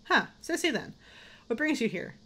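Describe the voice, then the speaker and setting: A woman's voice: high voice, sing-song, normal speed, sharp tone, full character voice. Woman reading an awkward, wary young man.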